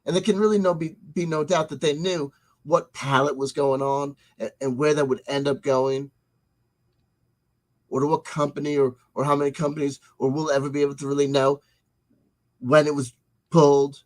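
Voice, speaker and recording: A man's voice: on the high side, fairly even intonation, moderate pace, rough recording. A man hosting a livestream, giving meandering commentary and answering chat, often restarting and repeating his words. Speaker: channel host reading live chat.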